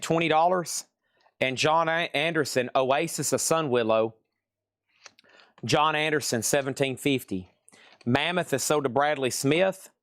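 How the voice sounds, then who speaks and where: A man's voice: fairly high pitch, a bit bright, clean tone, no echo, clean studio sound. A man hosting a live-stream vinyl sale, chatting casually as he reads out buyers' names, prices and the condition of each record. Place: record shop.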